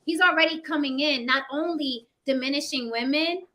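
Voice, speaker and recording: A woman hosting a heated panel discussion, emphatic and profane, sometimes mimicking men in a low mocking tone. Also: moderate pace, sharp tone. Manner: acts out men's voices in a low mocking tone. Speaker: panel host.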